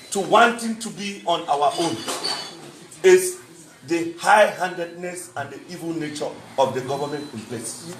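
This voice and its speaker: A man's voice: high voice, roomy sound, slight background noise, poor audio. A man giving an earnest, emphatic speech at a book launch, repeating phrases for weight. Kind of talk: public speech.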